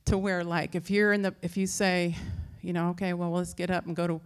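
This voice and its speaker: A woman who teaches Christian faith, giving an informal talk and telling rambling, animated stories that act out other people's voices. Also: lowish voice, brisk, smooth. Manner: acts out quoted voices.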